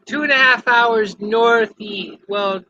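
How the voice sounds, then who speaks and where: High-voiced man from Illinois, offhand. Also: takes it slowly, pushed and bright, muffled recording. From Illinois, USA. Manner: short, offhand answers. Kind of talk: casual call-in chat.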